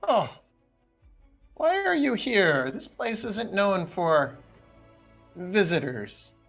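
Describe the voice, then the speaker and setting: A man voicing a very old, shriveled, small man in a tabletop game, hesitant and fussy, quick to apologize and welcome guests. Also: sits high, sing-song, vocal fry, a bit bright, faint music behind, pitched above the performer's own voice, full character voice. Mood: puzzled.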